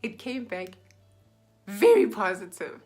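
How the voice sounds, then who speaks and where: A young woman with a mid-range voice tells a personal story straight to camera. She is animated and acts out what people said, sometimes sinking to a whisper. Faint music plays in the background. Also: medium pitch, takes it slowly. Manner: animated, acts out quoted dialogue, drops to whispers. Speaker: vlogger.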